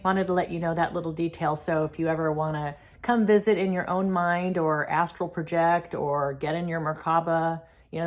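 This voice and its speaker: A woman host chatting casually in a spiritual vlog, full of fillers and light laughs. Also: deep voice.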